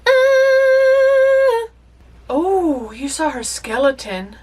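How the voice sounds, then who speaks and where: Girl w a high voice doing movie reaction commentary, gets all worked up and talks to the screen. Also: very slow. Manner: excitable, emotional, talks back to the screen.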